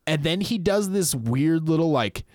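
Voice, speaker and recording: A man's voice: fairly high pitch, expressive, normal speed, darkish tone, dry recording, clean studio sound. A man co-hosting a casual chat, telling rambling stories, trailing off and laughing often. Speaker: podcast co-host.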